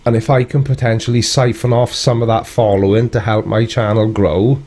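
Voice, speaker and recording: A man's voice: medium pitch, warm tone. A man with a British accent hosting a casual live stream, chatting and answering viewer comments in a wry, conversational way.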